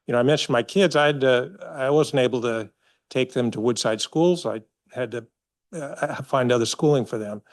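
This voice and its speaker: An older man giving public comment at a town council meeting, earnest and pleading, halting with fillers, speaking into a podium microphone in a council chamber. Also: mid-range voice.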